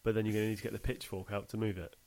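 A man's voice: on the low side, little pitch movement, very fast, a little mellow. A man co-hosting a podcast, telling jokey stories in laid-back casual chat. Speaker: podcast co-host.

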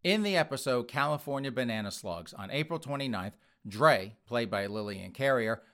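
A man with a mid-pitched voice rants sarcastically on a commentary podcast. He mocks people as he goes, chuckles often and keeps turning to his listeners. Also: animated, normal speed, a bit bright. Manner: mocking, chuckles often, addresses listeners as folks. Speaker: podcast host.

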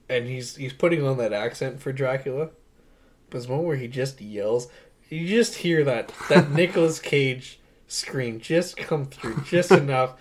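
Young male podcast co-host, eager and rambling, casual movie talk, laughs a lot. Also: medium pitch. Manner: enthusiastic, rambling, laughs often. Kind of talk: casual movie review chat.

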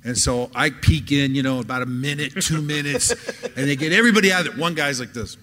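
A man's voice: fairly high pitch, fast. A man telling a profane comedy story on stage, acting out the people in it. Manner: animated, profane, acts out voices. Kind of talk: live podcast storytelling. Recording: live room with long reverb and background noise.

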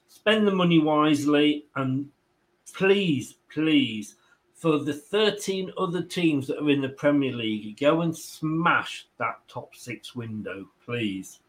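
A man hosting a casual football chat, reading viewer comments, chatty and rambling, laughing often. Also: medium pitch. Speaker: football channel host.

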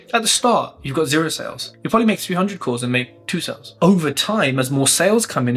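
A man's voice: on the high side, a bit bright, husky. A man giving a motivational vlog monologue, talking bluntly, rambling, and swearing casually. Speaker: vlogger.

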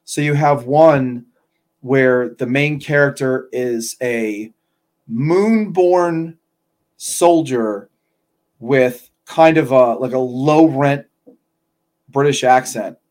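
A young man talks in an easygoing podcast chat at an ordinary, middling pitch. He rambles through his stories, circling back and drifting from one thought to the next. His delivery is casual and unpolished. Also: drawn-out words, darkish tone. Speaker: podcast co-host.

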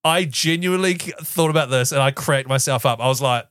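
A man's voice: mid-range voice, brisk, a bit bright, clear, resonant tone, no room sound, studio quality. A man co-hosting a casual podcast chat, telling a long story eagerly and rambling from point to point. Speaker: podcast co-host.

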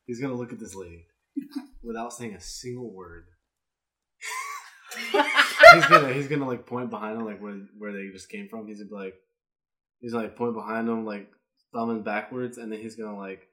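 A man's voice: on the low side, fairly even intonation, brisk, roomy sound. A man playing in a tabletop game, describing his character's actions in a rambling way with lots of fillers. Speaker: player. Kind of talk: casual tabletop play.

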